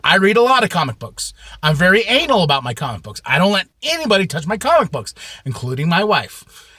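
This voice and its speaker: A man telling a rambling story to camera in a casual, profane way, with sudden shouts and many repeats. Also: high voice, very animated, fairly quick, husky, dry recording. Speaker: vlogger.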